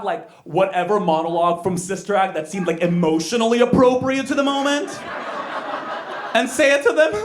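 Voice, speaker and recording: A young man born in Korea telling stand-up stories on stage, animated and quick to jump into character voices. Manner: animated storytelling, jumps into high squealing character voices. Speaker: stand-up comedian. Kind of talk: stand-up comedy set. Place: comedy stage with audience.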